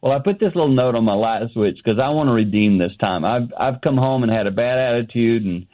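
A man's voice: medium pitch, brisk. Middle-aged male guest for a call-in segment, earnest storyteller, heard over a thin phone line. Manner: earnest, animated storyteller who acts out dialogue. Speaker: ministry founder, guest. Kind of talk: telling a personal story on a radio show. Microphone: remote line.

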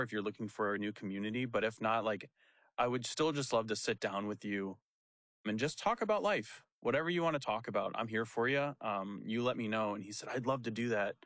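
A young man who is a pastor chats casually through a story, laughing and acting out the quotes with animation. His voice is on the low side and fairly quick, with no echo.

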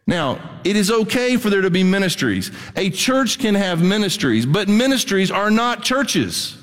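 A man's voice: high voice, animated, normal speed, few pauses. A middle-aged man preaching a sermon to his church, talking conversationally with blunt emphasis. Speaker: pastor. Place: church hall. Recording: long hall reverb.

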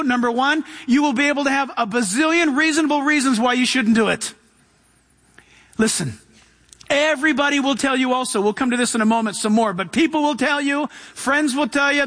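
A man preaching a sermon at a church service, energetic and exhorting, breaking in with frequent asides to the congregation. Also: very high voice. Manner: energetic, exhorting, many "listen" asides and laughs. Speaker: pastor. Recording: long hall reverb.

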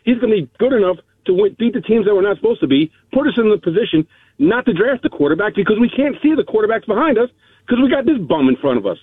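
A man's voice: high-pitched, big pitch swings, quick pace, husky, no echo. Fed-up male caller on a tinny phone line. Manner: fed-up, ranting. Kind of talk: fan rant on a call-in show.

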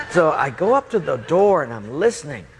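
A male pastor telling a lively personal story in a sermon, laughing and swinging his voice up and down, in a reverberant hall. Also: vocal fry. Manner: animated, laughing storyteller with big pitch swings. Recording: long hall reverb, faint ambience.

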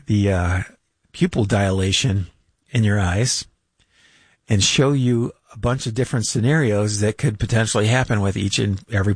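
A man's voice: on the low side, slightly rough, no room sound. An older man hosting a radio finance show, talking casually in a rambling way with chuckles, fillers and restarts, from a studio. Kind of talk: casual unscripted radio talk.

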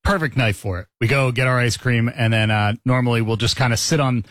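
A man's voice: medium pitch, fairly quick, fairly bright tone, no room sound. A middle-aged man hosting a morning radio show, telling stories and laughing as he talks. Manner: storytelling, laughing often.

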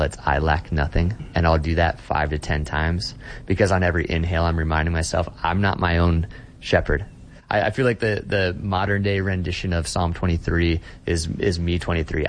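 Low-voiced pastor guy talking earnest on a podcast, bit of faint room noise behind. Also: little pitch movement, fairly quick. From Austin, Texas. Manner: earnest, repeats words when starting phrases. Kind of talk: podcast interview.

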